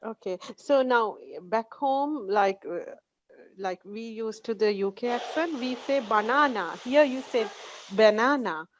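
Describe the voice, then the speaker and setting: A woman's voice: fairly high pitch, unhurried, darkish tone, no room sound, lo-fi sound. A woman student in a classroom asking the teacher hesitant questions.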